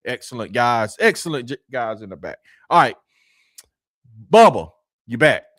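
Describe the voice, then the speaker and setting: A man hosting a casual sports talk show, animated and teasing, often asking "you know what I'm saying.". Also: mid-range voice, moderate pace, no echo, studio quality. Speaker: podcast host.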